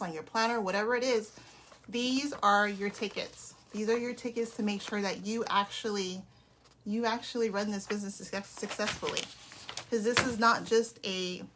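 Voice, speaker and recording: A woman in her thirties giving an energetic team training talk as a sales leader, emphatic and often checking in with "okay?". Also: mid-range voice, a little hiss or hum.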